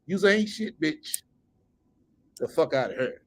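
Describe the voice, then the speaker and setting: A man's voice: a little high, sing-song, slow pace. A man hosting a commentary channel, reading a post aloud and reacting with profane, mocking, incredulous rants. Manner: breaks into laughter at times.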